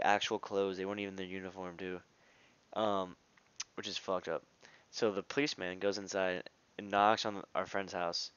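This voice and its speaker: A man's voice: on the low side, a bit bright, clear, resonant tone, dry recording, highs cut off. A young man telling a casual story on his vlog, rambling and slangy, with lots of "like" and restarts. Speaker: vlogger.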